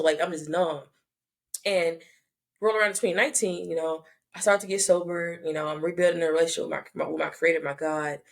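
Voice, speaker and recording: Woman in her 30s, low gravelly voice, casual reflective chat, lots of restarts. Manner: reflective, halting, with many restarts. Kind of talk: casual conversation.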